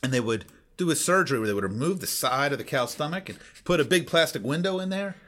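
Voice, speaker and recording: A man's voice: a little high, animated, fast talker, fairly bright tone. A man co-hosting a podcast, telling joking stories in casual chat. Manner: joking, storytelling banter. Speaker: podcast co-host.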